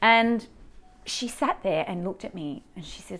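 An Australian mother with a husky voice on the low side speaks at normal speed, sharing a personal story. Her telling is candid and emotional, animated, and full of fillers and false starts.

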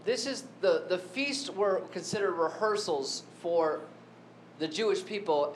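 A man preaches a sermon, repeatedly putting questions to the congregation. The room is echoey with a faint rumble.

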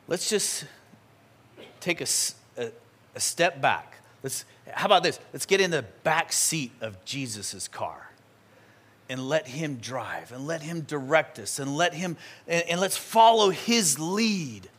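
Animated, conversational male preacher. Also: on the high side, slow, slightly rough. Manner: animated, conversational, acts out scenes. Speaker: pastor. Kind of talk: sermon. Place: church sanctuary.

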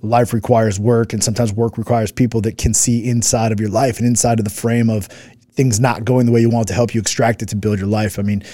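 A man's voice: lowish voice, flat delivery, a little fast, warm tone, no room sound, clean studio sound. A man co-hosting a casual chat with his wife, talking bluntly and profanely, often trailing off and restarting his sentences. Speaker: co-host, husband. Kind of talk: casual podcast chat reacting to comments.

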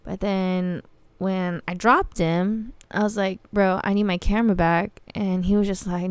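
A young woman tells a story in a blunt, animated way, full of slang and swearing. Her voice is smooth and clear. The sound is close and dry. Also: medium pitch, a little slow, dry recording. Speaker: podcast host. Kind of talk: casual storytelling monologue.

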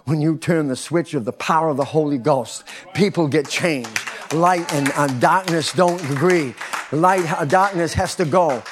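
A man preaching a sermon as pastor of a church, rising to shouts. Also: a little high, moderate pace, noisy background. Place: church sanctuary.

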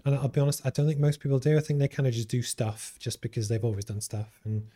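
Fast-talking Liverpool man hosting. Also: mid-range voice, dark tone. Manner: rapid, conversational, prompting. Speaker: interview host. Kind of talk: casual interview chat.

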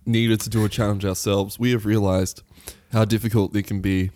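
A man's voice: lowish voice, flat delivery, moderate pace, dark tone. A young man co-hosting a casual podcast, easygoing and enthusiastic, teasing his co-host.

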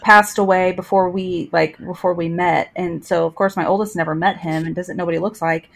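A woman's voice: on the low side, fairly even intonation, fairly quick, gravelly. A woman in her thirties hosting a podcast, chatting casually and telling a story about her son, laughing easily and quoting herself. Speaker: podcast host.

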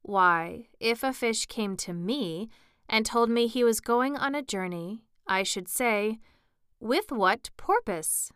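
A woman voicing a sad, slow-talking old male Mock Turtle in a storybook reading, mournful and easily offended. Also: a little high, fairly bright tone, clear, resonant tone, no echo, studio quality, pitched above the performer's own voice.

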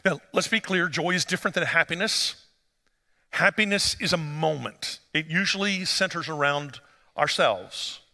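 A pastor preaches in a large church hall, his slightly high, bright voice ringing out with a long reverb. He moves from easy, conversational storytelling to animated emphasis. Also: moderate pace. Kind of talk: sermon.

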